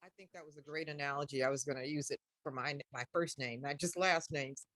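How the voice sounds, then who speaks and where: An older woman taking part in an online discussion, speaking in an emphatic, expressive way. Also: deep voice, fast talker, no room sound. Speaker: participant. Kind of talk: casual chat.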